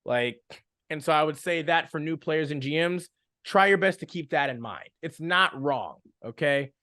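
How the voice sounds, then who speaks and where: A man's voice: fairly high pitch, animated, normal speed, sharp tone, no echo, clean studio sound. A young man co-hosting a casual podcast, giving advice to new game masters in a rambling way, full of fillers and restarts. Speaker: podcast co-host.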